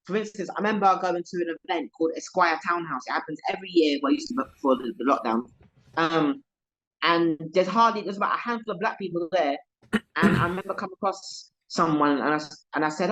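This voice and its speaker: A woman's voice: quick pace, highs cut off. A young woman comedian with a London accent, chatting in a podcast interview and acting out the people in her stories. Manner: animated storyteller, voices quoted people, lively pitch jumps. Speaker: comedian guest.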